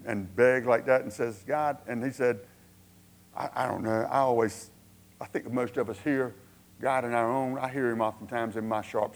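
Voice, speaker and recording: A man preaching a sermon, telling a Bible story in a conversational way with asides and self-corrections, acting out prayers with rising passion and then dropping quiet. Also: fairly high pitch. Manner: storytelling, acts out prayers, rises to impassioned pleading then drops quiet.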